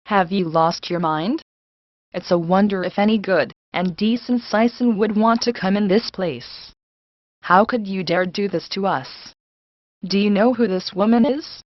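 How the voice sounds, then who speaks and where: A woman's voice: medium pitch, measured pace, no echo, natural voice. A woman reading as a scornful old Southern lady. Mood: indignant. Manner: indignant, scolding. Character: proud elderly southern woman, scornful and loud. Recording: dull lo-fi dry recording.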